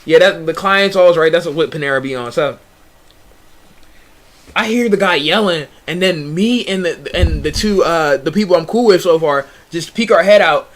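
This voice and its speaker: A young man streamer telling a story in a casual, animated way, full of slang and restarts. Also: fairly high pitch, moderate pace.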